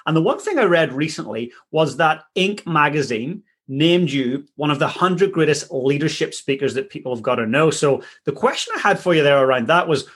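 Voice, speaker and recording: Energetic male podcast host, husky voice. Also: a little high. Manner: upbeat, energetic delivery. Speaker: podcast host and success coach. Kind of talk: podcast intro and interview.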